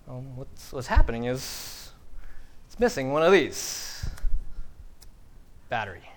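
A man preaching a sermon, acting out little scenes and dialogue, often restarting and repeating words, with big swings between loud and quiet. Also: mid-range voice, takes it slowly, long pauses. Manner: animated, acts out dialogue with big swings in loudness.

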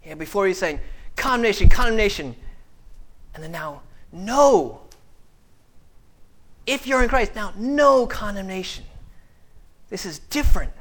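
Guy preaching, kinda high voice, acts out little scenes, gets loud then drops way quiet, lots of restarts. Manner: animated, acts out dialogue with big swings in loudness; repeats words and restarts often. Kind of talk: sermon.

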